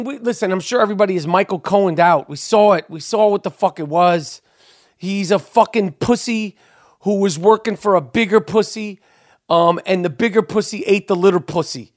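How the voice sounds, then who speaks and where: A man in his forties hosting a podcast, ranting loudly and cursing often in an exasperated monologue. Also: high voice, dry recording, clean studio sound. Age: 40s. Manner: loud, cursing, exasperated rant. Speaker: podcast host.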